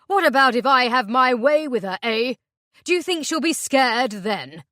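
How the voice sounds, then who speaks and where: Woman putting on a creepy mocking guy with a knife, loud and nasty, dry sound. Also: medium pitch, lively intonation, moderate pace, no echo, close to an everyday voice. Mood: furious. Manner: sinister, mocking, shouting. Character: menacing middle-aged man holding a knife.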